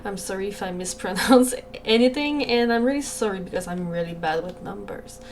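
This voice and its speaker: A woman's voice: medium pitch, fairly quick, few pauses, noisy background. Apologetic French Canadian woman streaming. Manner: apologetic, hesitant, with frequent restarts. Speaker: streamer and game creator. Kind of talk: casual livestream chat. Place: home room, alone.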